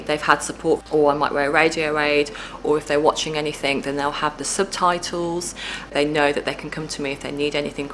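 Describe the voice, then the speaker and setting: A woman's voice: low-pitched, a bit bright, slight background noise, poor audio. A female sociology teacher speaking enthusiastically about her students.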